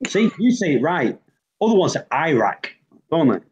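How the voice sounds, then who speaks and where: British man, playful, bouncy high-ish voice. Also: very animated, fairly quick, darkish tone, low-quality recording. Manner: playful, jokey. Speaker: chat participant. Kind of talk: casual group chat.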